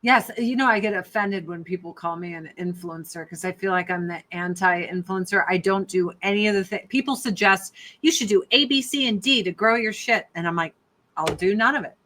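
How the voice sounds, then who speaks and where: An older woman in a rural home joins a podcast as a guest over a video call, chatting casually, joking, being candid, and swearing freely. She talks fairly quickly with few pauses, in a mid-range voice with a fairly bright tone.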